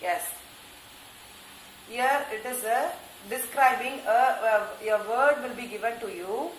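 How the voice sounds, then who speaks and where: A woman with an Indian English accent, teaching an English class and slowly stressing each word for pronunciation drills. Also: fairly high pitch. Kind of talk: recorded online class lesson. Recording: echoey room with faint noise.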